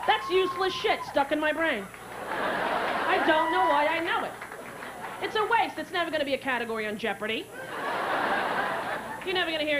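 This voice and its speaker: A woman in her thirties doing a stand-up routine, animated and breaking into shrill character voices and sung jingles. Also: fairly quick, long pauses. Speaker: stand-up comedian. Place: stage before a live audience. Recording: live show with loud audience and crowd noise. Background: audience laughter.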